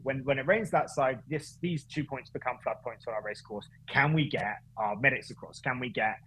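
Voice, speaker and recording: A man with a husky, slightly breathy voice, telling a story as a podcast guest. He talks in animated bursts, restarting and correcting himself as he goes. His pitch sits in a middle range for a man. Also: moderate pace, low-quality recording. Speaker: guest, running events founder. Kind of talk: casual storytelling chat.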